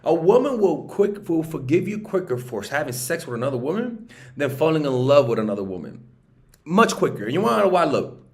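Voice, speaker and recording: A man talking casually as a dating coach. He is blunt and profane, keeps checking for agreement with "okay?" and "right?", and gets louder and higher as he pushes a point. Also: big pitch swings, brisk.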